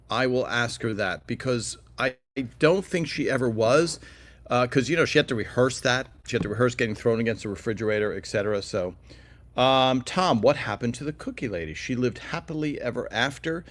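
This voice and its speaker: A man's voice: medium pitch, a bit bright, no room sound. A man hosting a casual livestream, rambling and chatty as he answers viewer questions with many fillers and asides. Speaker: livestream host.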